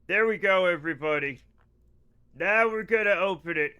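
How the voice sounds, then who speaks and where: A man streaming a video game live, chatting to viewers in an excitable way with loud bursts of enthusiasm. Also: high voice, moderate pace, smooth, dull audio.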